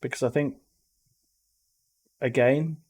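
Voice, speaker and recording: A man's voice: mid-range voice, steady tone, slow, a little mellow, slightly rough. Rambling English man, Black Country accent. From England. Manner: rambling, exasperated, repeats words. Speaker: reaction video host. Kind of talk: casual commentary.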